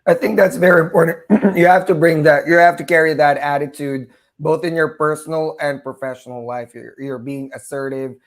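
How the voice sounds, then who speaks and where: A man's voice: on the high side, fairly even intonation, brisk, hardly any pauses. Earnest man hosting a chat. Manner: earnest, restarts and repeats words. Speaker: podcast host. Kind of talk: casual interview chat.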